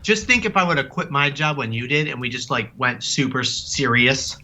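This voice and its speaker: Man on a video call, very bright voice, wry self-mocking banter. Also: medium pitch, animated, fairly quick. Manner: joking, self-deprecating. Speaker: guest co-host. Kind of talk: casual chat.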